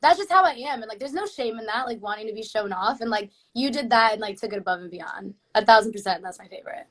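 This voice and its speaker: A young woman with a high, bright voice joins a live Q&A as a guest. She talks in an animated rush, laughs often, and swears with ease. Her tone is sharp and lively. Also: fast talker. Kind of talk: casual chat, live Q&A.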